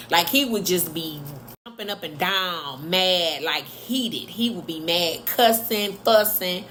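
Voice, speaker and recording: A woman's voice: lowish voice, animated, a little slow, a bit bright, a little hiss or hum. A woman telling a workplace story in a casual, blunt and chatty way, with sarcastic asides. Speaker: vlogger.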